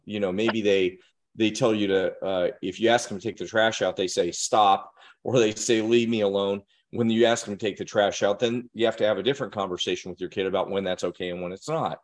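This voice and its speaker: A man with a fairly low voice teaches parents and educators in an earnest, direct way. He keeps turning to his listeners with questions as he explains. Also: a little fast. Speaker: instructor. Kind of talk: instructional talk to parents and educators.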